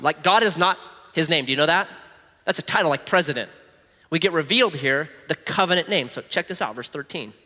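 Pastor guy preaching, lively voice all over the place, slightly high, echoey big room. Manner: animated, conversational, jokey asides. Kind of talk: sermon with scripture reading.

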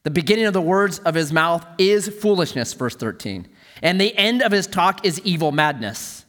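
A man preaching a sermon as a pastor, telling stories with animated energy and dropping to a hush for emphasis. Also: high-pitched, moderate pace, long reverb tail.

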